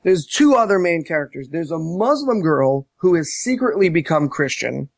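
Animated high-voiced man mocking a movie. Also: moderate pace, gravelly, no room sound. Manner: animated, profane, mocking storyteller. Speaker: podcast host recapping a movie. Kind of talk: casual chat.

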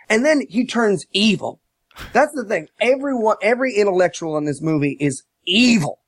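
A man casually recapping a movie on a podcast, animated and profane, mocking as he tells it. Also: sits high, normal speed, dry recording. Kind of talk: casual chat.

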